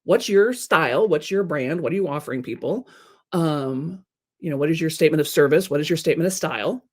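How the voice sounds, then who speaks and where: A woman's voice: sits low, fairly quick, darkish tone, breathy edge. Lady coach doing a live talk, teasing and playful, checks in with "right?" a lot. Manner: acts out quoted people in mock voices. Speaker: creativity and marketing coach.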